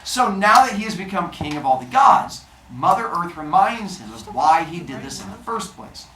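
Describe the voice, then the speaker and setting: Jokey male teacher, lively storyteller, distant and roomy mic. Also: high-pitched, moderate pace. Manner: playful, jokey asides. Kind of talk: animated storytelling to a class. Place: classroom.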